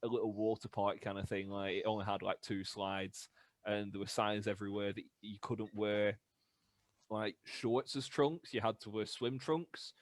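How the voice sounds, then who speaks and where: A young British man in a band, casually telling animated stories on a podcast and acting out the voices. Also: on the low side, normal speed, no echo. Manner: animated anecdotes with laughs and acted-out voices. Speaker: band member podcast host. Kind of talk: casual storytelling chat.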